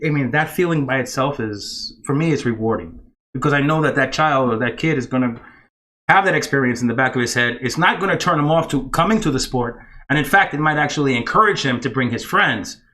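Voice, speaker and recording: Man, bright forceful voice, casual podcast chat, storytelling, acts out quotes. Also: medium pitch, animated, normal speed. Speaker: podcast co-host.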